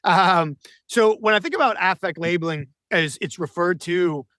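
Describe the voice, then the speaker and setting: A man's voice: high-pitched, moderate pace, pushed and bright, dry recording. A male podcast host talking over a remote call, reflective and tentative, often framing his points with "I feel like". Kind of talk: podcast interview, conversational. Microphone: remote call with a mute button.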